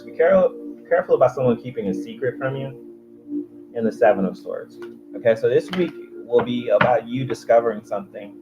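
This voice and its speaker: Chatty man reading tarot over music. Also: mid-range voice. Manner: chatty, jokey, self-deprecating, restarts. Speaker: tarot reader. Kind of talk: casual livestream tarot reading. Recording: muffled audio with music behind.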